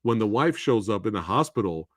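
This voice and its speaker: A man hosting a live movie review, talking in a casual, animated way and slipping into exaggerated quoted voices. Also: fairly low pitch, a little fast, dry recording, clean studio sound. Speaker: host of a movie review show.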